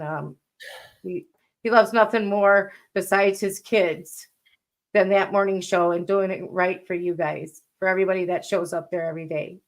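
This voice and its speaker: A woman co-hosting a casual live stream, chatting and then making an earnest appeal to viewers. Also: lowish voice.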